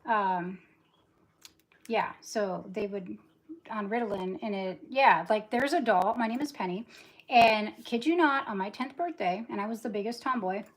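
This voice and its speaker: A talkative woman in her forties, rambling through a casual livestream chat while she does dishes and cleans. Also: medium pitch. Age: 40s. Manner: talkative, rambling, fast-talking. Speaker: livestream host.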